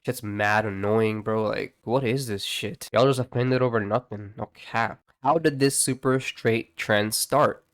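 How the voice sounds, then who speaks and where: A man's voice: on the low side, fairly even intonation, a little slow, few pauses, a bit bright. Young man ranting with slangy banter. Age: young adult. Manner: profane slangy banter, lots of "bro" and "like". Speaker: YouTube commentator. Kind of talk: casual commentary vlog.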